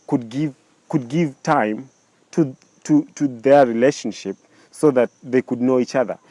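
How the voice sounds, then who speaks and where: A man's voice: mid-range voice, dark tone, no room sound. A man telling a story casually, with many restarts and rhetorical questions.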